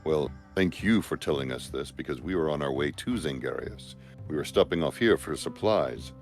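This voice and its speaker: A man with an extremely deep voice role-plays a captain, speaking formally with archaic turns of phrase. Faint music sits in the background. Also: expressive, normal speed. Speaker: player. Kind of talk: in-character role-play.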